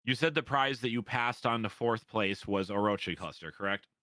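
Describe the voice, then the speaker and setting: A man's voice: lowish voice, normal speed, pushed and bright, no echo. A man from Minnesota hosting a podcast, asking questions in a chatty way with lots of fillers. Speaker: podcast host. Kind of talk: casual chat, interviewing.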